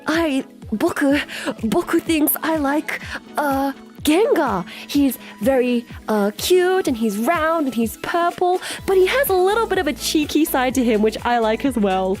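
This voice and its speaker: A woman voicing a polite, doting male café butler in a soft, formal manner while retelling a story. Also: high-pitched, lively intonation, measured pace, faint music behind, pitched above the performer's own voice. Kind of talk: casual storytelling chat.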